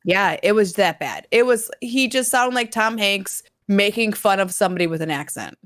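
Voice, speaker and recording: A woman's voice: medium pitch, expressive, normal speed, fairly bright tone. A woman co-hosting a live podcast who talks in a casual, outspoken way. She rants bluntly and jokes around. She fills her sentences with "like". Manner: blunt, joking, says "like" a lot. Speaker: podcast co-host.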